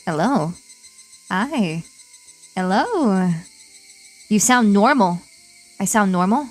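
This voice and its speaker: A woman's voice: mid-range voice, lively intonation, slow pace, pauses often, darkish tone, faint music behind, poor audio. A young woman streamer chatting playfully while testing voice filters. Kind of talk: casual stream chat.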